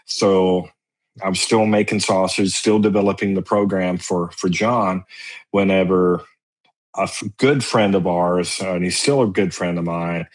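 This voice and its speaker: A man's voice: sits low, fairly even intonation, a little slow. A man, a podcast guest telling long stories about sausage-making in a casual, rambling way with plenty of fillers. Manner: rambling storyteller, lots of fillers. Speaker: guest, sausage maker and teacher.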